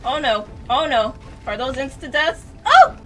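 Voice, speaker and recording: A woman's voice: mid-range voice, expressive, slow, pushed and bright. A woman streaming a video game live, talking to her chat and the game character, shrieking and swearing at every death. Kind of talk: live gameplay commentary. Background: game music.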